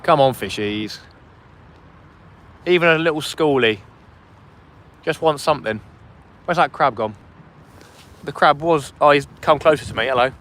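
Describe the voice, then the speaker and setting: On the high side and fairly bright, this man's voice moves a little slowly with frequent pauses, plus a little hiss or hum. He's casually hosting a fishing livestream by the sea wall on a vertical phone, reading chat and thanking donors.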